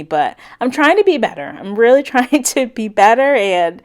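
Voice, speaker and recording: A woman's voice: fairly high pitch, very animated, normal speed. A woman in her thirties chatting casually through a storytime, animatedly acting out the people she quotes. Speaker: cleaning vlogger. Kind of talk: chatty storytime while cleaning.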